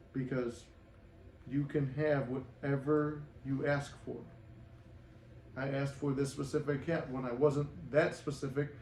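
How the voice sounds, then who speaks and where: A manifestation vlogger talks to camera in his apartment, rambling loosely and swearing as he motivates his viewers in casual fashion. His medium-pitched voice has a darkish tone and sounds muffled without a good microphone, in an echoey room with faint noise.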